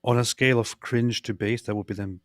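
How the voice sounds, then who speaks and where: A man on a livestream talking in a deadpan, mock-earnest, sarcastic way. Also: mid-range voice, a little fast, no echo. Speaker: regular guest. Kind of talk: casual livestream chat.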